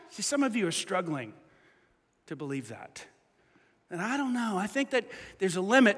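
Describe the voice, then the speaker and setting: High, bright-voiced male preacher in a hall. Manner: dynamic preaching, dropping to hushed lines and rising to loud pleas. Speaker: pastor. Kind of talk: sermon. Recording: reverberant hall.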